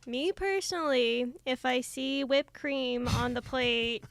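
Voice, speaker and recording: Woman guest with a slightly gravelly voice. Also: sits high, dry recording. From northern United States. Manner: measured, opinionated, fond of "um" and "for me personally". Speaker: podcast guest, food photographer. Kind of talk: casual chat.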